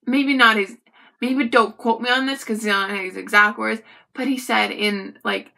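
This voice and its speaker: A young woman vlogger telling a personal story to the camera in a chatty, animated way, with frequent asides to the viewer. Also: on the high side, normal speed, vocal fry.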